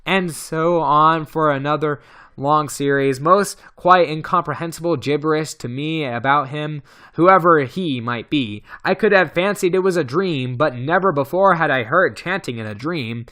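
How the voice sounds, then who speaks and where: A man's voice: on the high side, normal speed, bright, forceful tone. A man reading a novel aloud as amateur audiobook narration, often stumbling and restarting words. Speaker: audiobook reader.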